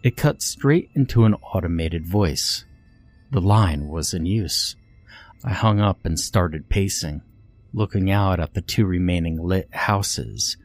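Deep-voiced man narrating horror. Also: a little mellow. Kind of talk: scripted first-person narration. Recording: faint music underneath.

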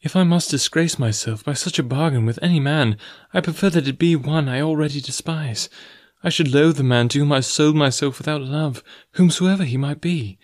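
Guy reading as a proud young woman, cold and formal, a bit higher voice, dry close sound. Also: dry recording, lightly acted. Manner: formal, measured and cool.

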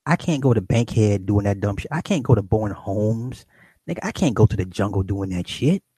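Profane, animated middle-aged man ranting. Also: fairly low pitch, moderate pace, husky, no echo. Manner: animated, swearing, repeating and restarting phrases. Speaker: streamer addressing viewers. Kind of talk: casual profane rant.

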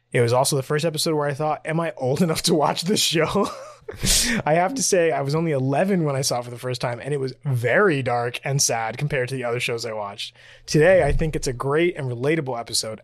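A man's voice: mid-range voice, no room sound. A man co-hosting a podcast, chatting casually and laughing often as he reads listener emails aloud. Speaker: podcast co-host. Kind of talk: casual chat. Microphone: podcast mic on video recording.

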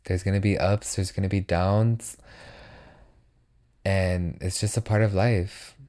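A young man hosts his own motivational podcast in an earnest, reassuring tone. His voice sits very low and mellow. He speaks unhurriedly and repeats phrases to comfort the listener. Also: steady tone, measured pace. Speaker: podcast host.

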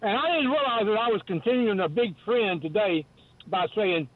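A man's voice: high voice, normal speed. A man calling in to a sports radio show, rambling and jokey, stammering over his words, heard on a tinny phone line. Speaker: regular caller. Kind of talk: call-in chat.

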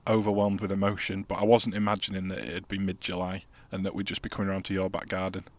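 A man's voice: low voice, little pitch movement, quick pace, dry recording. A man co-hosting a casual chat in a back garden, dry and teasing, often laughing. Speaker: podcast co-host. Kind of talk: casual celebratory chat among friends.

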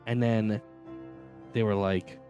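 A man's voice: fairly low pitch, flat delivery, slow, dark tone, faint music behind. A man co-hosting a podcast in casual chat, ranting with plenty of swearing and laughter. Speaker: podcast co-host.

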